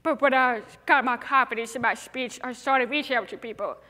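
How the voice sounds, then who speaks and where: A woman's voice: fairly high pitch, a little fast, sharp tone. A young woman with a deaf speaker's accent, giving an earnest, emphatic inspirational talk on stage. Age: young adult. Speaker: TEDx speaker. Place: large hall. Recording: reverberant hall.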